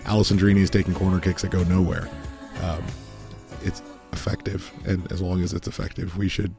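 A man's voice: deep voice, level tone, a little fast, vocal fry, music in the background. A man co-hosting a casual podcast chat, with wry, joking banter. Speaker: podcast co-host.

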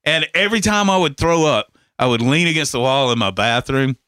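Animated bright-voiced man telling a story. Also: mid-range voice, fairly quick, clear, resonant tone, no echo, studio quality. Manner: animated, laughing, profane, repeats himself. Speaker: podcast host telling a story. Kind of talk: casual storytelling chat.

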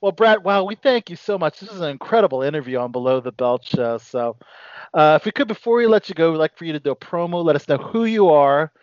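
A man's voice: fairly high pitch, animated, fast, a little mellow, no echo, lo-fi sound. A man hosting an interview, enthusiastic and full of exclamations. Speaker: host.

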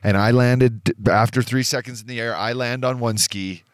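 A man co-hosting a casual podcast, telling a story in an animated way, swearing and acting out the voices of other people. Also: mid-range voice, moderate pace, no echo, studio quality. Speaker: podcast co-host.

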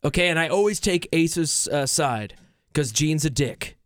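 A man's voice: fairly high pitch, animated, a little slow, no echo, studio quality. A man co-hosting a podcast in casual chat, telling stories with many restarts. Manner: rambling storyteller, many restarts. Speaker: podcast co-host.

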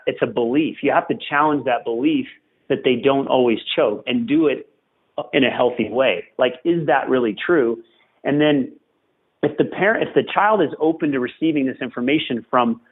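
A man's voice: medium pitch, slightly rough. A man hosting a podcast conversation, talking like a coach and driving his points home by repeating them. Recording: tinny phone-like line.

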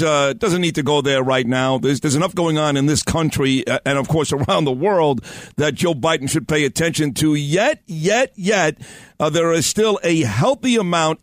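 A man's voice: on the high side, no echo, clean studio sound. Fervent male talk radio host. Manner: fervent, opinionated. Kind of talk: political talk radio conversation.

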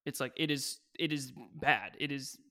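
A man guesting on a podcast, talking in a rambling, animated way and slipping into playful voices. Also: medium pitch, moderate pace. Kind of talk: casual chat.

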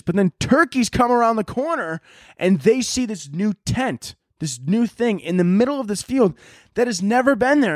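Profane, rambling high-voiced man. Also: moderate pace, dry recording, studio quality. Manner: profane, rambling, animated ranting. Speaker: podcast host. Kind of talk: casual comedic podcast monologue.

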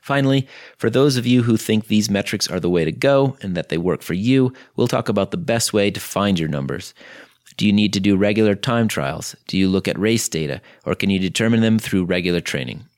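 A man hosting a podcast, reading a scripted intro while ill and losing his voice, so his voice sounds deep and gravelly. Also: lively intonation, a little fast, no room sound, studio quality. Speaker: podcast host.

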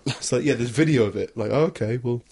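A man's voice: medium pitch, quick pace, darkish tone, husky. A man co-hosting a podcast, talking in a wry, sarcastic way. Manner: wry, sarcastic, slips into mocking quoted voices. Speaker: podcast co-host. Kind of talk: casual chat.

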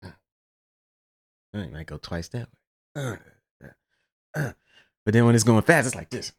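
A man hosting a podcast, telling a story in a casual, animated, profane way. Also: fairly low pitch, normal speed, slightly rough, no room sound, clean studio sound. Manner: animated, profane, laughs through his story. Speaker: podcast host.

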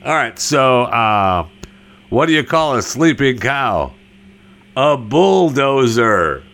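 A man telling a string of corny cow jokes in a slow delivery and laughing at his own punchlines. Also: mid-range voice, animated, sharp tone, a little hiss or hum. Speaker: joke teller.

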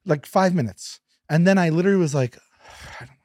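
A man telling a story as a podcast guest, animated, acting out his quotes and sometimes dropping to a whisper. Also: a little high, a little fast, no echo, studio quality. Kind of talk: casual storytelling.

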